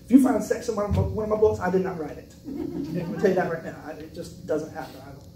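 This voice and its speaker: A man's voice: sits high, fast talker, over music. A man from South Carolina, an author giving a casual, joking talk about his writing. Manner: casual, conversational, joking asides. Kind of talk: personal storytelling speech. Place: event venue, indoors. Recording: roomy, distant mic, noisy.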